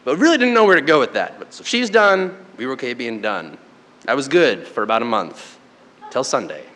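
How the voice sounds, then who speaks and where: A man telling a true story live on stage, animated and laughing along with the audience. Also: mid-range voice. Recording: long hall reverb with faint crowd ambience.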